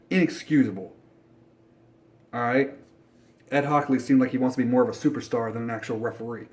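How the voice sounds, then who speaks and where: A young man ranting bluntly about football in a casual vlog, swearing often and jumping between mutters and loud outbursts. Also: on the high side. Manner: blunt, profane, animated ranting. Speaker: sports fan vlogger.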